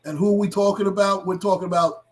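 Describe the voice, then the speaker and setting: A middle-aged man hosting a livestream and talking to his chat, impassioned and blunt, with profanity that builds into shouting. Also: high voice, steady tone, fast. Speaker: livestream host.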